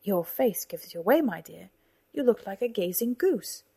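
A woman voicing a domineering, arrogant male fort leader who blusters and shouts scornfully, in a storybook reading. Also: mid-range voice, expressive, normal speed, creaky, breathy edge. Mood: mocking.

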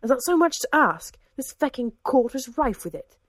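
A woman's voice: fairly low pitch, normal speed, dry recording, natural voice. Woman doing a whiny spiteful nobleman. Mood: hissing. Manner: hissing, petulant demands.

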